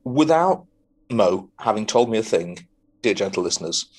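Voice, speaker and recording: A man's voice: fairly low pitch, big pitch swings, normal speed, darkish tone, slight background noise. A man co-hosting a podcast, chatting casually about a TV episode, rambling with lots of ums, restarts and swearing. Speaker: podcast co-host. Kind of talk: casual film review chat.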